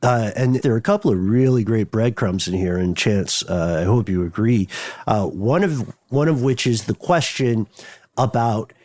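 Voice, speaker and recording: A man co-hosting a podcast, thoughtful and digressive, building his points slowly with restarts. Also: lowish voice, lively intonation, a little mellow, no room sound, studio quality. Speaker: podcast co-host. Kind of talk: casual podcast chat.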